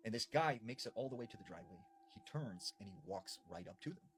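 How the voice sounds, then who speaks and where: A man's voice: mid-range voice, animated, fast, fairly bright tone, slight background noise. A man casually retelling true horror stories as a storyteller, in a chatty style full of fillers.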